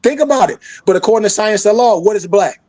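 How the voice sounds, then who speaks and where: Host, male, blunt sarcastic preacher, high voice, dry sound. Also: animated, quick pace, dark tone, no echo, low-quality recording. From Michigan, US. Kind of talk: heated discussion.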